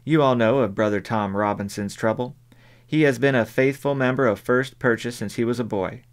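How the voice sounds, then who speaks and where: A man's voice: mid-range voice, normal speed, lightly acted. A man reading the part of a stern preacher, speaking formally and declaiming to a congregation. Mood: solemn. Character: stern middle-aged male preacher addressing his flock.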